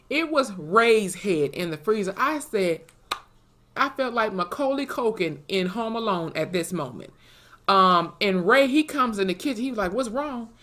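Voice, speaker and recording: A woman giving a casual, profane recap of a TV episode, animatedly acting out the characters' lines as she retells the plot. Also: fairly low pitch. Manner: animated, profane storytelling that acts out quoted dialogue. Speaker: TV episode reviewer.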